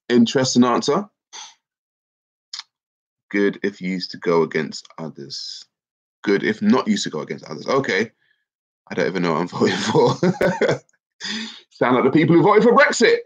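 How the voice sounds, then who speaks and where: Lively, low-voiced male livestream host, congested, reading chat aloud; dull lo-fi audio. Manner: reads viewer comments aloud, lively and chatty. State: congested, bunged up.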